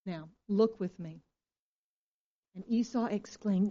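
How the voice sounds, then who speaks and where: A woman's voice: mid-range voice, unhurried, darkish tone. A woman pastor preaching a sermon with emphatic delivery and frequent rhetorical questions. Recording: dull lo-fi recording.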